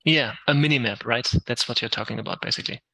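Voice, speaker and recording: A man with a German accent gives a live software lesson, walking through each step with plenty of ums. His voice is bright and forceful with a gravelly, fry-tinged edge. The sound is dry and close. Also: medium pitch, fast talker, no room sound, poor audio. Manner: explains step by step, many ums, answers questions. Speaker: Unreal Engine instructor. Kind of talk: live tech talk with Q&A.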